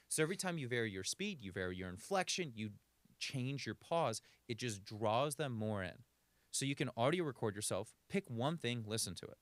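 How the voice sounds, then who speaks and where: In an interview for a podcast, a male communication coach shares practical guidance and alters his tempo to show what he means. The voice is mid-range and a bit bright, with no echo.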